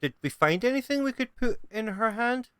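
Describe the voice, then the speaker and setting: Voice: mid-range voice, animated, moderate pace, fairly bright tone, smooth, no echo, clean studio sound. A player in a tabletop game, speaking hesitantly and stumbling over words. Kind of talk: casual game chat.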